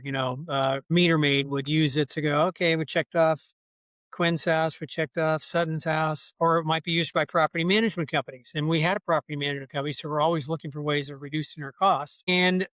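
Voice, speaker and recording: With a fairly high pitch and a fairly bright tone, this older podcast guest spins casual, rambling stories loaded with asides and folksy detail. The recording is dry, with no echo.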